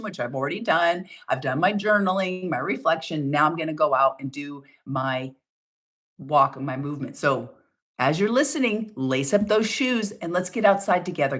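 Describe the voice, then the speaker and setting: Middle-aged woman wellness coach, emphatic and encouraging, animated delivery, rhetorical questions. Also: low voice. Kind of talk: motivational talk.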